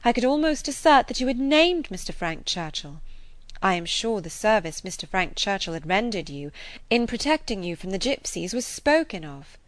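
A woman voicing a composed, clever young gentlewoman who speaks in a measured, precise, earnest way in an audiobook. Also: mid-range voice, sing-song, no room sound, natural voice. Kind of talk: audiobook character voice.

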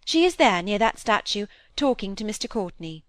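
A woman's voice: mid-range voice, sing-song, a little fast, fairly bright tone, no echo. A woman voicing a sweetly genteel, impatient lady. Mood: genteel coaxing. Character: genteel, pleasant governess-like lady, impatient underneath. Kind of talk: audiobook character reading.

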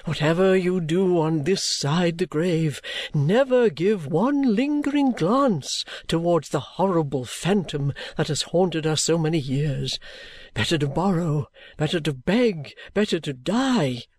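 A man reading the part of a kindly older male guardian in an audiobook, speaking in a cordial, measured, fatherly way. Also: fairly high pitch, darkish tone, no room sound. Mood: fervent. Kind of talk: audiobook reading of a classic novel.

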